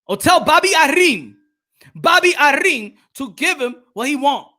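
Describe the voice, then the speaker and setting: A man hosting a live boxing stream, loud and animated, trash-talking fighters and hyping his viewers. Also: very high-pitched, a little slow. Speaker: boxing commentator.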